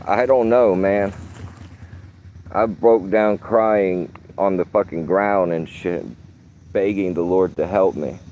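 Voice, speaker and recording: A man's voice: low-pitched, mellow, slight background noise. A man talking casually to his phone camera in a park, rambling and swearing with streetwise slang. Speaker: vlogger.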